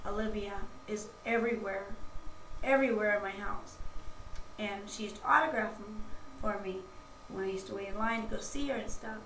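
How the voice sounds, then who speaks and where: A woman's voice: medium pitch, fairly even intonation, moderate pace, fairly bright tone, distant mic. A woman vlogging at home, telling a rambling, gushing anecdote full of fillers and restarts. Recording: roomy, off-mic, faint background noise.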